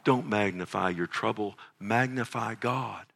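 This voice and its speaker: Middle-aged guy preaching, lowish voice, gets loud then drops soft, real urgent. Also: a little slow, gravelly. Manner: emphatic, urgent pleading with swings between loud and hushed. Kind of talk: sermon.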